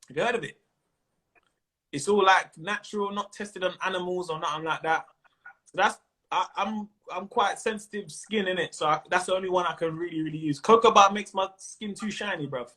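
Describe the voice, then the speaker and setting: A man in his thirties with a London accent, a comedian chatting casually on a video call, animated and quick to mimic other voices. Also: sits high. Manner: animated, slips into mimicked voices and laughs often. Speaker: comedian guest. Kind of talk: casual chat.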